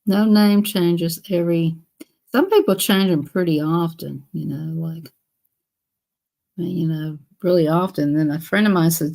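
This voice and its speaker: Gravelly woman chatting on a live stream. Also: fairly low pitch, a little slow, darkish tone. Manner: rambling, chatty, repeats herself. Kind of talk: casual live-stream chat.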